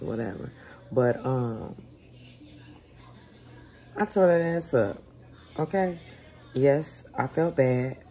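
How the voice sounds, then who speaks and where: Gravelly, low-voiced woman in her forties. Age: 40s. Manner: blunt, profane, animated storytelling. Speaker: vlogger. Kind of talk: casual storytelling rant.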